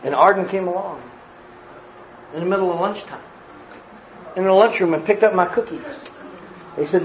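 A man preaching a sermon, telling a story in an animated, folksy way and acting out the scenes for a live congregation. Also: high-pitched, fairly quick, pauses often, dull audio, a little hiss or hum. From grew up poor in a small family.

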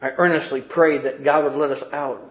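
A man preaching who reads a story aloud to his congregation in an earnest way, easing down softly at the tender parts. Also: on the high side, steady tone. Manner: earnest, slowing and softening at tender moments. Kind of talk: reading a story aloud in a sermon. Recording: roomy, dull sound.

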